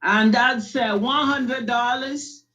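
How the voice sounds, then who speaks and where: A woman reading out a list of donors, measured and hesitant with fillers. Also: on the high side, pushed and bright, highs cut off. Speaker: donation announcer.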